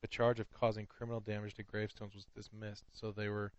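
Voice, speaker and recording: A man co-hosting a comedy podcast in casual chat, laughing often and getting excited. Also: on the low side, fast talker, no room sound, muffled recording. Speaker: podcast co-host.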